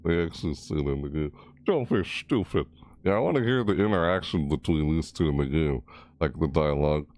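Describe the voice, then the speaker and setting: A man's voice: a bass voice, fast, a little mellow, slight background noise. A man giving casual, rambling gameplay commentary as a gaming YouTuber, amused and full of fillers and laughter.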